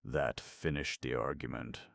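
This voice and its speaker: A male audiobook narrator with a very deep, gravelly voice, reading a storybook steadily and without hurry. The recording is close and dry. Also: steady tone, measured pace, a bit bright, dry recording. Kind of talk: scripted narration.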